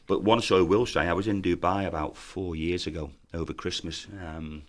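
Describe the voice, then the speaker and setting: A man in his fifties, a former footballer, telling lively anecdotes in a podcast interview and acting out other people's lines. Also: sits low, moderate pace. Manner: lively storyteller who acts out voices in his tales.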